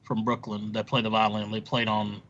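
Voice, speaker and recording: A man's voice: lowish voice, monotone, fairly bright tone, slight background noise. A man with a mid-range voice chats on a podcast, tossing in short reactions and playful jabs. His mic sounds a little dull and muffled. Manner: quick reactions, teasing. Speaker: podcast co-host. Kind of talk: casual chat.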